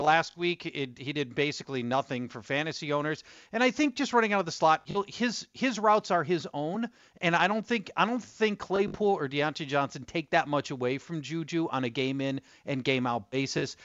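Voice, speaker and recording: A male fantasy football analyst calling in by phone, brisk and full of stats with quick restarts. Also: a little high, fairly bright tone, no room sound. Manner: brisk, stat-heavy, hedging restarts. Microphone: phone line. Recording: muffled phone line.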